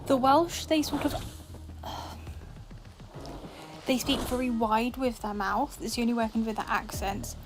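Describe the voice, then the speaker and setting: A woman's voice: on the high side, unhurried, pauses often, music in the background, poor audio. A woman from Scotland chatting while she streams a game, over-pronouncing her words to mask a faint Scottish accent, with lots of fillers. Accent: faint Scottish, mostly hidden. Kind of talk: casual gaming stream chat.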